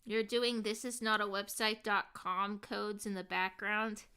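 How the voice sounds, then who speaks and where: Bright, slow-talking woman streamer. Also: mid-range voice, little pitch movement, clear, resonant tone. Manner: chatty, many ums and likes. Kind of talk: casual livestream chat while drawing.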